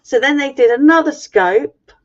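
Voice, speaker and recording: A woman's voice: high-pitched, animated, moderate pace. A middle-aged woman on a video call, frankly and swearily retelling an ordeal in a personal story. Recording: muffled lo-fi stream audio.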